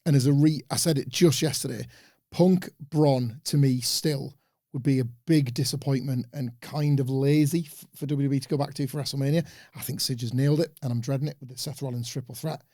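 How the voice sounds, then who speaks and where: A man co-hosting a podcast, giving relaxed, opinionated analysis of a wrestling show. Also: mid-range voice, brisk, no echo, clean studio sound. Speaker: podcast co-host.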